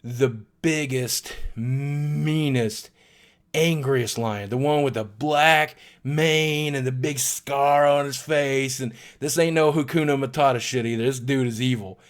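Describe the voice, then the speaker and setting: A man telling a long shaggy-dog joke, with an animated, drawn-out buildup and sudden jumps in his voice. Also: mid-range voice. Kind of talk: comedic storytelling.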